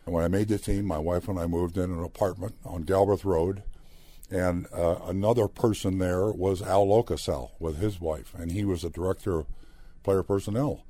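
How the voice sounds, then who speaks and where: An older man with a low, dark, husky voice, recorded dry and close. He tells long stories from his playing days in a chatty, easygoing way, acting out each side of the remembered dialogue. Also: fairly even intonation, moderate pace, no room sound. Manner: chatty anecdotal storyteller who acts out quoted dialogue. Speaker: former player, broadcaster guest. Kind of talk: storytelling interview.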